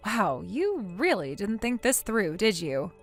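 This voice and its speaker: A woman's voice: mid-range voice, big pitch swings, a little slow, faint music behind. A woman voicing a blunt, lecturing female friend. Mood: stern. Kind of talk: text story narration.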